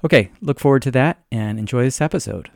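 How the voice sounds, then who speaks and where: A man hosting a podcast, reading announcements and an episode intro in a low-key way. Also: fast talker, creaky, no echo, clean studio sound. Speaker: podcast host. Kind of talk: scripted announcement.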